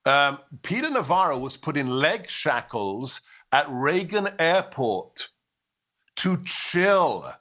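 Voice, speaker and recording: Forceful immigrant man, political commentary. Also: fairly high pitch, very animated, takes it slowly. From immigrant to the United States. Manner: forceful, rhetorical, with storytelling and impressions. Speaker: guest commentator.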